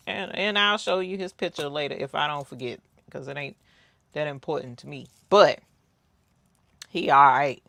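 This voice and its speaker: Low-pitched and gravelly with a slightly bright edge, her voice moves at normal speed in a dry recording. She runs a crafting livestream as a chatty storyteller, talking to viewers and reading out what they post in chat.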